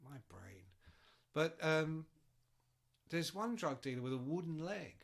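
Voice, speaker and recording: A man's voice: fairly high pitch, big pitch swings, a little slow, creaky. A man telling rambling road anecdotes in casual chat, swearing freely as a podcast guest.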